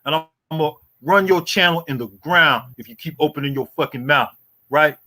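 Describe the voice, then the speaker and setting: This boxing YouTube host, a man in his forties, speaks a little high and fairly quickly, his voice pushed and bright. Livestreaming, he taunts a rival in a profane, repetitive rant, leaning on "boy" and "you hear me."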